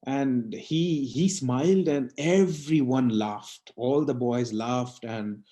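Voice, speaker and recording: A middle-aged man from India telling a personal devotional story at a satsang in an earnest, halting way with many fillers. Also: medium pitch, mellow. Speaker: satsang speaker.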